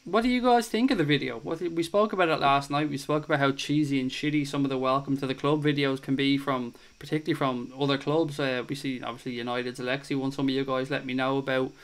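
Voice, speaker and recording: A man's voice: mid-range voice, a bit bright, clean tone. A young man hosting a casual football chat show, reading out viewer comments and swearing freely as he chats.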